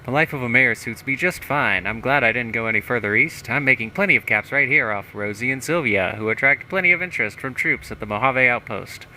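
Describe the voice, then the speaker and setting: A man's voice: mid-range voice, normal speed, bright, forceful tone, slight background noise, voice pushed up, rough recording. A man putting on a smug sleazy mayor. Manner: smug, boastful, with a put-on accent. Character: sleazy scheming male small-town mayor.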